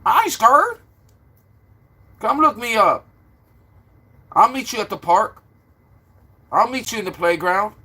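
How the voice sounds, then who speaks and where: A man's voice: animated, measured pace, long pauses, pushed and bright, slightly rough. A stressed man from Florida rambling casually to his livestream viewers. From Florida, USA. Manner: rambling, talks to viewers, turns low and subdued.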